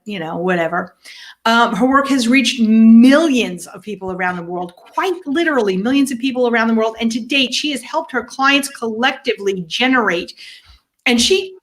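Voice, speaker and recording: A woman co-hosting a live online business show, her voice sitting somewhat high. She introduces her guest with bubbly energy and playful joking asides. The call audio carries a slight echo. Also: a bit bright. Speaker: podcast co-host.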